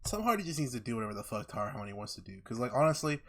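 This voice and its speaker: A man talks quickly in a mid-range voice, blunt and emphatic, and swears freely. He sounds loose and casual as he chats about a film with friends. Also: mid-range voice, big pitch swings, no room sound, clean studio sound. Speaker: podcast co-host. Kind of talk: casual movie chat.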